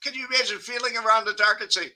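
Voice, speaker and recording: A man's voice: high voice, rapid-fire, crowd noise, poor audio. A man from Chicago, a guest in a casual chat, telling blunt anecdotes and laughing easily.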